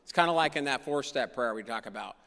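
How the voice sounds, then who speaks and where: Gravelly earnest man in a reverberant hall. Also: mid-range voice, animated, fast, a bit bright. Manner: earnest, emphatic, repeats key phrases. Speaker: recovery meeting speaker. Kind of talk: personal recovery story told to a meeting. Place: meeting hall. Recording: long reverb of a meeting hall.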